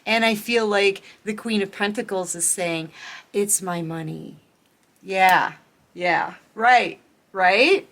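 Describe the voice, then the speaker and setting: A woman's voice: medium pitch, takes it slowly, fairly bright tone. A woman giving a casual tarot reading, chatting and giggling as she talks straight to her viewers. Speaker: tarot reader.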